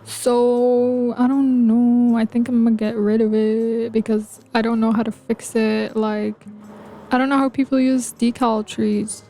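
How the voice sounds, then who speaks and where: Woman vlogger, casual, rambling, mellow tone, slightly high. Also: flat delivery, normal speed. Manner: rambling, playful, lots of "like" and "you know". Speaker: video game builder vlogger. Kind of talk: casual chat over gameplay. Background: faint background music.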